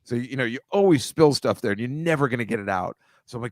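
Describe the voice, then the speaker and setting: A man's voice: medium pitch, fast, few pauses, no room sound, studio quality. Rambling, wry man on a video call. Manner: rambling, wry, mocking, swears freely. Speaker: host. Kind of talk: casual chat over shared slides.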